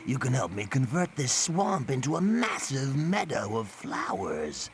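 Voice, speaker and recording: Weird swamp guru, super slow, gravelly, voice bouncing up and down. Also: male voice, mid-range voice, sing-song, slight background noise. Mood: grandiose. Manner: slow, sing-song and rambling. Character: eccentric male swamp guru, dreamy and grandiose. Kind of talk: video game voice acting.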